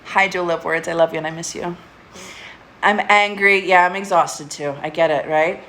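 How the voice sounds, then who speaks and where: A woman's voice: lowish voice, fairly even intonation, moderate pace, fairly bright tone, a little hiss or hum. A woman hosting a casual live stream from home, speaking candidly, swearing often and laughing between her thoughts. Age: adult, getting older. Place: at home with a pet.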